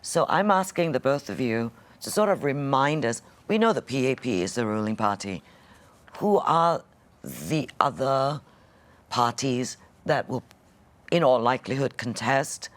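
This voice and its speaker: Female interview host, animated intonation, friendly prompts. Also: very deep voice, a little slow. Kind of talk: hosted interview.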